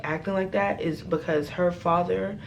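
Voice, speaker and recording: Brief: young woman vlogger, low-ish voice, vivid cursing storyteller, faint room hiss. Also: moderate pace, gravelly, muffled recording. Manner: animated, profane, dramatic retelling. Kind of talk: storytime vlog.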